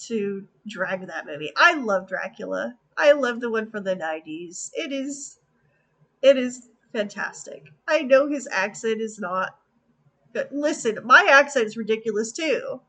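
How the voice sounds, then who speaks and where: A woman's voice: a little high, sing-song, measured pace, pushed and bright. A woman with a Valley Girl accent, chatting casually in a rambling way, full of fillers and self-asides. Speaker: artist and video creator. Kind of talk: casual chat.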